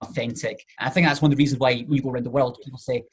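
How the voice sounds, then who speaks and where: A man's voice: mid-range voice, fairly even intonation, racing, slightly rough. A man talking as a podcast guest, a coach chatting casually and explaining ideas with lots of everyday examples and filler phrases.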